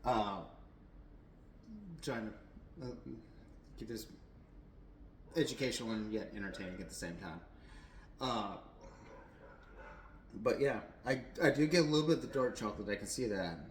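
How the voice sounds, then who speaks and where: A man's voice: lowish voice, moderate pace, pauses often, echoey room, slight background noise, rough recording. A young adult man giving a casual, rambling whiskey tasting review at home, a little tipsy, with lots of fillers and restarts.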